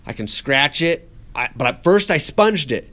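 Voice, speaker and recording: A man's voice: on the high side, animated, measured pace, fairly bright tone. A man teaching a pottery lesson, talking casually and cheerfully while he works the clay and encourages his students. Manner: upbeat and encouraging, talks while working with hands. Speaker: art teacher. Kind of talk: casual classroom demonstration.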